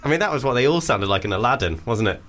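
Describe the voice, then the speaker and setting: Chatty radio host, lively voice. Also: male voice, mid-range voice, fast, slight background noise. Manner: chatty, jokey, laughs often. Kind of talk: casual comedy radio chat. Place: radio studio.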